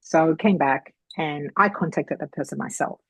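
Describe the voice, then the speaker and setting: Husky low-voiced woman telling a story. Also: normal speed, no echo, poor audio. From Australia. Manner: chatty, rambling, animated retelling with acted quotes. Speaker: psychic medium guest. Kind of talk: casual storytelling chat.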